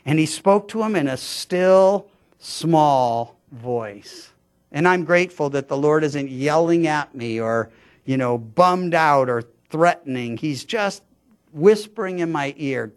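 With a fairly high voice and a measured pace, this pastor works through scripture verse by verse. His sermon is conversational, and he often stammers and starts his sentences over.

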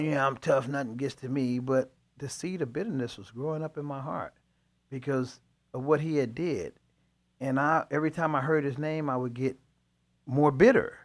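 Animated man telling testimony. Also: fairly high pitch. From Chicago. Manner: animated storyteller, dialect grammar, laughs often. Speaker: pastor, co-host. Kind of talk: testimony in faith talk show.

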